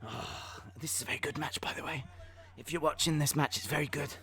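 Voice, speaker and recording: A man's voice: a little high, steady tone, a little fast, a bit bright. A man hosting a casual live reaction stream, jokey and self-mocking, and out of breath.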